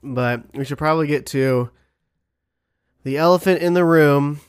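A man's voice: on the high side, measured pace, smooth, no echo, studio quality. A man co-hosting a podcast in casual chat, with a wry, questioning way of talking. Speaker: podcast co-host.

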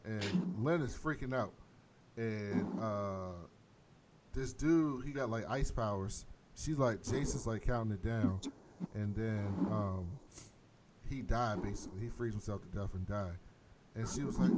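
A man in casual chat, recapping a TV episode with animated, profane storytelling. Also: lowish voice, unhurried. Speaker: podcast host recapping a TV episode. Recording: noisy with clicks.

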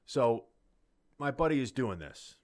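A man's voice: medium pitch, sing-song, unhurried, darkish tone. A man casually telling a rambling, profane story in a podcast chat.

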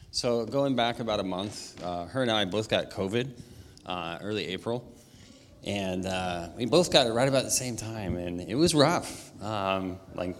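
A man's voice: fairly low pitch, a bit bright. A man sharing his personal testimony in a casual, conversational way. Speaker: church member giving testimony. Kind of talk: spoken testimony. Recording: echoey hall with faint noise.

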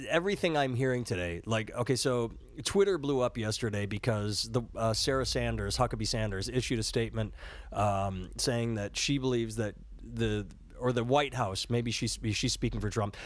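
A man's voice: medium pitch, no echo. A man in his thirties hosting a podcast, rambling casually with profanity and self-mocking jokes. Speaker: podcast host. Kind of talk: casual political chat. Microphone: handheld recorder.

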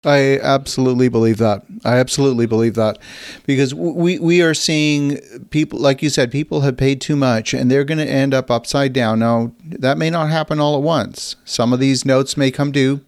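A man hosting a podcast interview, speaking in a measured, affirming way. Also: mid-range voice, steady tone, no room sound, studio quality. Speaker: podcast host.

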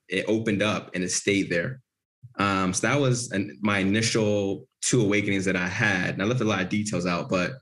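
A man's voice: fairly low pitch, fairly bright tone. A man as an interview guest, telling a personal story in an earnest, vivid way.

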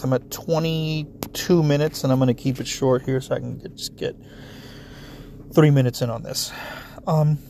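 A man's voice: a little high, slight background noise. A man in a blunt, profane ranting monologue, talking straight at his listeners with heavy swearing. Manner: animated, talks straight at listeners. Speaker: solo commentator.

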